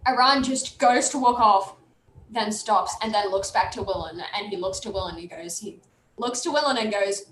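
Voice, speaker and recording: A woman's voice: medium pitch, moderate pace, fairly bright tone. A woman narrating a tabletop game as game master in a casual way. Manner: casual, many fillers and restarts. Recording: echoey room, faint noise.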